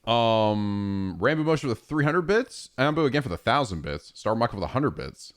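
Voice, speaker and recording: A man streaming games, chatting casually in a rambling, profane and animated way. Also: mid-range voice, normal speed, dry recording, studio quality. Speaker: game streamer. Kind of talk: casual chat.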